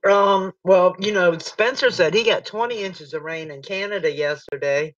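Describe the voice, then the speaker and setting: A woman's voice: fairly low pitch, normal speed, no echo. A woman from Virginia hosting a call-in talk show, chatting in a folksy way and laughing often. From Virginia, USA. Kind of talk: casual call-in chat. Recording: dull distant lo-fi sound.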